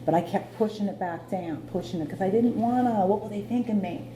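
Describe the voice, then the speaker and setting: A woman's voice: mid-range voice, fairly quick, background noise. A middle-aged woman speaking at a recovery meeting, candidly telling her own story and laughing at herself. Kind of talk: personal recovery testimony. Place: meeting room. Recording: echoey meeting room.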